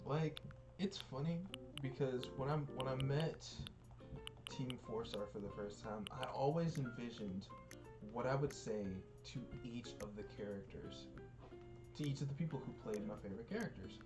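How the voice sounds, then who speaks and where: A woman's voice: extremely low pitch, normal speed, music in the background. A woman hosting a game livestream, telling stories in casual chat and laughing often. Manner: animated storytelling, laughs often. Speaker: livestream host.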